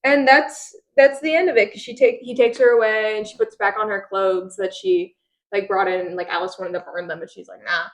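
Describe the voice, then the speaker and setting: A woman's voice: mid-range voice, steady tone, a little fast. A young woman co-hosting a casual book podcast, slangy and giggly, often acting out characters' lines. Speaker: podcast co-host.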